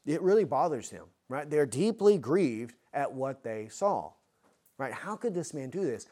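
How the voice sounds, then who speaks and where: A man's voice: on the high side, warm tone. A man preaching an expository sermon, earnest and full of rhetorical questions.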